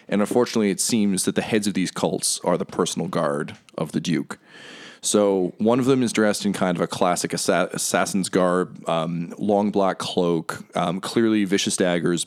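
A man's voice: deep voice, fairly even intonation, moderate pace. A man narrating as game master of a tabletop game, describing scenes with frequent ums.

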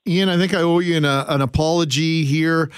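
A radio host talks in a relaxed, conversational way, full of fillers and polite asides. His voice is somewhat high for a man and sounds close and dry in the studio. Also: brisk, smooth, dry recording. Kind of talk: talk radio.

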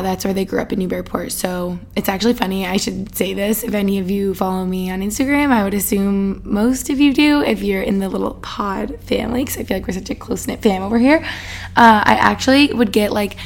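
A woman's voice: mid-range voice, creaky. A young woman in her twenties from the Boston area, hosting a casual solo podcast, chatty and giggly, with lots of fillers. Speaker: podcast host.

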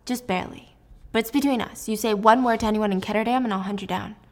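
A woman's voice: mid-range voice, fast talker, close to an everyday voice. A woman voicing a cocky young man who gives orders and teases in a smug, bossy way. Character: cocky, teasing young male gunslinger.

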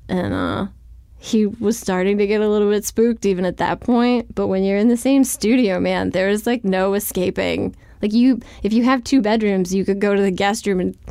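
Frank chatty woman author, gravelly fry in her voice, dry close sound. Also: mid-range voice, dark tone, no room sound. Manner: chatty, frank, fills speech with "like". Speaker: author being interviewed. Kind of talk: candid conversational interview.

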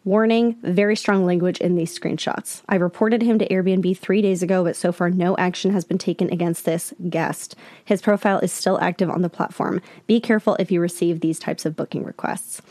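A woman podcast host speaks candidly and with exasperation straight to her listeners, calling them "you guys," in casual commentary. Her voice is on the low side and darkish, steady in tone, a little fast with few pauses, and there's no room sound.

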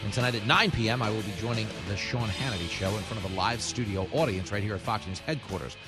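A man hosting a radio talk show, telling stories animatedly and acting out the shouting people in them. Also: fairly low pitch, quick pace, loud music behind the voice. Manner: animated storyteller, acts out shouting characters. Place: radio studio.

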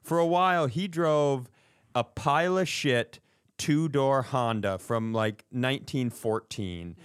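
A man co-hosting a podcast who keeps up wry, teasing banter in an easy, casual tone. His voice is mid-pitched and recorded dry, with no room sound. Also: slow, clear, resonant tone, dry recording. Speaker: podcast co-host. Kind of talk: casual chat.

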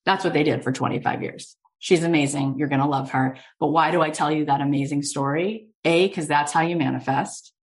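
Low-voiced woman telling an inspiring story. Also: fairly quick, few pauses. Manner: animated storytelling, acting out quotes. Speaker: host and coach.

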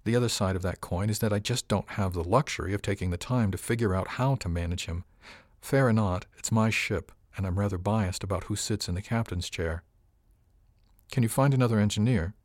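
Low-voiced man narrating a story. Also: fairly quick, no echo, clean studio sound. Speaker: audiobook narrator. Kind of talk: first-person scripted narration.

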